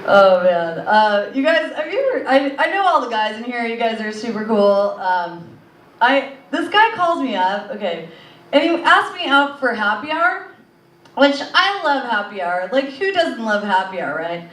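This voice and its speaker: A young woman with a fairly high voice works through a stand-up set in a comedy club, wandering from joke to joke with plenty of "uh" and "like". The sound is roomy and a bit distant, with faint club ambience behind her. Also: sing-song, moderate pace, fairly bright tone. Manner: rambling, filler-heavy delivery. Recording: echoey club audio from a distance.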